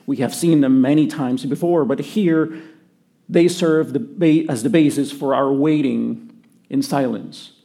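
A man preaching a sermon to his church in an earnest way, often dropping to a quiet voice for emphasis. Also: mid-range voice, a little slow. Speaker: pastor.

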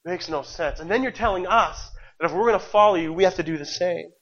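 A man's voice: high voice, brisk, a bit bright. A married man preaching a sermon with passion, repeating phrases and asking the congregation rhetorical questions. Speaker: pastor. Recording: dull lo-fi recording.

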